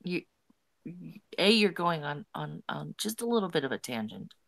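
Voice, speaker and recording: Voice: medium pitch, very animated, moderate pace, vocal fry, no echo. A podcast co-host in casual chat, playfully nudging a rambling speaker back on track. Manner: gently interrupting, playful.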